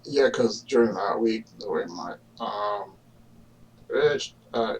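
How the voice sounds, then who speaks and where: A man's voice: on the low side, slow pace, pauses often, recorded from a distance, low-quality recording. A man delivering a rambling, argumentative casual monologue to the camera, full of fillers and restarts. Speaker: vlogger.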